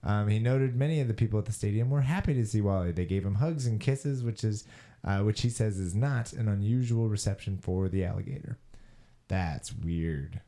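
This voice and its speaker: A man's voice: lowish voice, moderate pace, mellow. A man co-hosting a casual chat podcast, reading odd news stories aloud with chuckling asides. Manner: chuckling, reads articles with asides. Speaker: podcast co-host.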